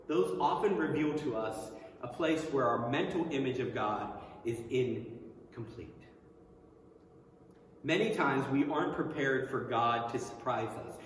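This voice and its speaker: A male pastor preaching a sermon who acts out the quoted voices with lively swings. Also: medium pitch, unhurried. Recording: very echoey hall, mic far off.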